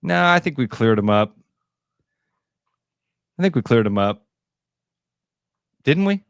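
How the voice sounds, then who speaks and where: Middle-aged male radio co-host, lively, swooping delivery, dry studio sound. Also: medium pitch, takes it slowly, creaky, clean tone, no echo. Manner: animated, slips into comic voices when retelling. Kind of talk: casual sports talk banter.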